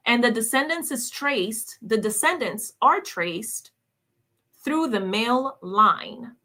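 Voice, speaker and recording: A fairly high, bright woman's voice that swings widely up and down. She hosts a reaction commentary and sounds scornful and combative, hammering the same questions again and again. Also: expressive, takes it slowly. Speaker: commentary host reacting to clips.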